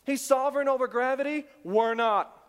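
A male pastor preaching a sermon, swinging from loud emphasis down to hushed near-whispers. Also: very high voice, normal speed, clear, resonant tone. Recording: long reverb of a large hall.

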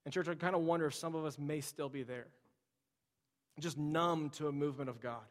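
A man in his thirties preaches a sermon in an easy, storytelling style, speaking straight to his congregation. His voice sits a little higher than most men's and rings with a long hall reverb. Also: steady tone, brisk. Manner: conversational, storytelling, addresses the congregation directly. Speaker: pastor.

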